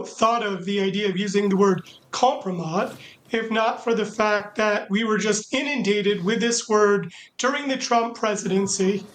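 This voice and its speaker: A man's voice: sits high, fairly bright tone, a little hiss or hum, poor audio. A man, a professor, answering interview questions over a video call in a dismissive, mocking manner. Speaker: professor guest.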